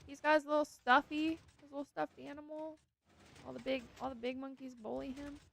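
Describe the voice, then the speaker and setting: A woman's voice: high voice, flat delivery, a little fast, vocal fry. A woman streaming a game, chatting casually with her viewers and gushing over cute animals.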